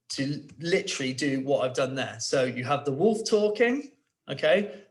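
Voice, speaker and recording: A male primary school teacher recording an online lesson, encouraging and checking in often. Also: on the high side.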